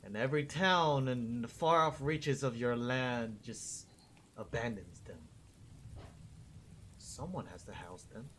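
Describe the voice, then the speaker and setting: Man voicing a quiet, sly crime boss. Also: mid-range voice, takes it slowly, slight background noise. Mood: persuasive. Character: sly male crime boss, smooth-talking.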